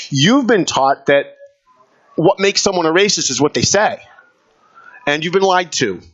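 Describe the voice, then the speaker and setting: A man holds forth as a talk show host in a combative, emphatic monologue. He hammers his points home in a voice pitched a bit high. The recording sounds dull and lo-fi. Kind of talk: opinion monologue.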